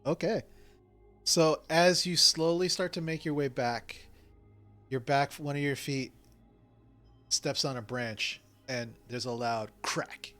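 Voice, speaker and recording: A man narrating as game master, telling the scene in a relaxed way with many fillers. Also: medium pitch, takes it slowly, long pauses, soft background music. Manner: filler-heavy, relaxed storytelling.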